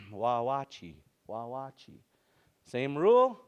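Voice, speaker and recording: A man's voice: medium pitch, sing-song, slow, clean tone. A man teaching a language class, patiently repeating words for his students.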